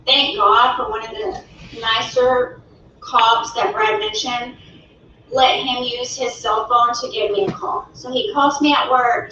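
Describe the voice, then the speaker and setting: A woman's voice: fairly high pitch, sharp tone, slight background noise. A woman telling her side as a wife, emotional and outspoken. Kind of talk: personal storytelling. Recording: very echoey, distant, dull audio.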